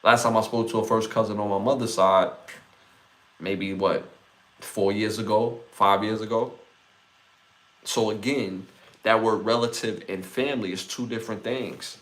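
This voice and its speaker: A man's voice: fairly low pitch, steady tone, a little slow, long pauses, fairly bright tone. A man in his forties hosting a podcast, talking through his thoughts in a casual, reflective monologue full of "like" and "right?". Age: 40s. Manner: reflective, conversational, talks things through with "like" and "right?". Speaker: podcast host. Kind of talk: casual solo podcast talk.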